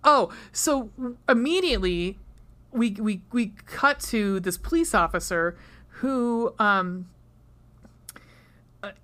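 On a casual podcast comparing a book with its movie, this female co-host rambles, swears freely, and laughs her way through her notes. Her medium-pitched voice is fairly bright with lively intonation, and she speaks slowly with frequent pauses.

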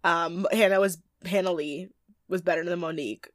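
A woman's voice: lowish voice, steady tone, normal speed. A young woman co-hosting a casual recap chat, talking loosely with many fillers. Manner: chatty, lots of fillers and quoted impressions. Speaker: podcast co-host.

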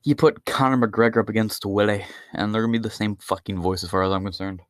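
A man's voice: fairly low pitch, steady tone, fast, dry recording. Profane rambling man ranting on a podcast. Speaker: podcast host. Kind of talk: ranting solo podcast monologue.

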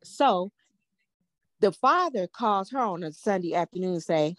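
A woman's voice: medium pitch, animated, unhurried, no room sound, clean studio sound. An older woman hosting a podcast, telling a story to a live audience in a blunt, profane, emphatic way and asking a lot of rhetorical questions. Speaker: podcast host.

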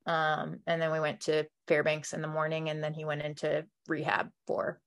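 A woman's voice: low-pitched, monotone, moderate pace. A young woman telling a personal story in a conversation, talking emotionally with many "like" fillers and acting out what people said. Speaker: guest.

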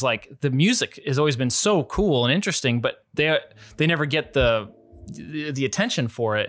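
A man's voice: mid-range voice, fairly bright tone, no room sound. A man who is a music producer, chatting as a guest in an enthusiastic, rambling way with lots of "like". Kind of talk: casual interview chat.

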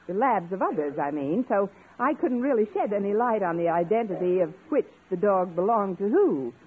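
A woman's voice: medium pitch, animated, lightly acted. An actress playing a sarcastic, flustered female English teacher in a 1950s radio sitcom. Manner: quick, sarcastic, flustered bluffing. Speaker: schoolteacher. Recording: tinny old radio broadcast, audience laughter.

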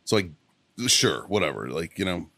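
A man's voice: deep voice, big pitch swings, moderate pace, vocal fry, pushed and bright. A swearing man ranting through a story. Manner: profane, heated, laughs while telling. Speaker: podcast co-host. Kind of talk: casual chat, ranting storytelling.

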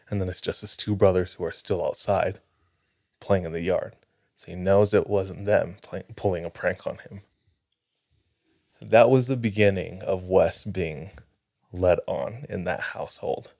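Host, male, deep and unhurried, steady suspenseful storyteller, dry close sound. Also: dry recording. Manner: measured, suspenseful narration. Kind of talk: casual storytelling.

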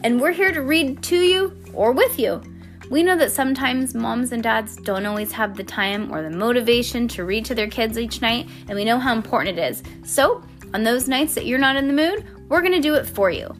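A woman's voice: a little high, expressive, moderate pace, soft background music. A woman hosting a kids' reading podcast, reading a storybook aloud with playful asides to a child. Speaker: podcast host reading to kids.

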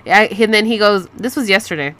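A woman's voice: mid-range voice, fairly quick, fairly bright tone. A woman in her thirties telling a story in a casual, sassy way, reading out chat messages with profane asides. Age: 30s. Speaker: vlogger. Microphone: close to the mic.

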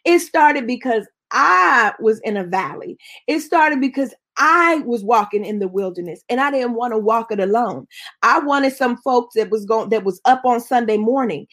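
A woman minister sharing a personal testimony in an expressive, storytelling way. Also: fairly high pitch, moderate pace.

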